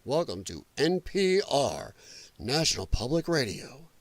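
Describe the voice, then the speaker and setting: A man putting on the voice of a stuffy, soft-spoken male public radio host, hushed and prim. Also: mid-range voice, very animated, measured pace, dry recording, pitched below the performer's own voice.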